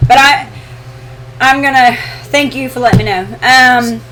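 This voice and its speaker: A woman co-hosting a casual live question-and-answer chat, easygoing and quick to laugh. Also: high-pitched, a bit bright, a little hiss or hum. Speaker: co-host of homestead channel.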